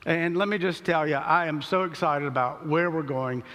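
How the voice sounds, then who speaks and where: A pastor delivers an earnest sermon, slowing down to give emphatic weight to scripture. His voice is bright and a touch high. It rings out with the long reverb of a large church sanctuary. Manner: earnest preaching with slow emphatic scripture reading.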